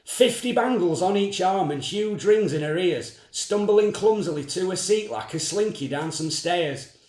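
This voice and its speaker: Scathing high-voiced spoken word poet. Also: male voice, animated, measured pace, a little mellow, reverberant. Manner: scathing, sardonic rhyming delivery. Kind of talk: dark comedic spoken word.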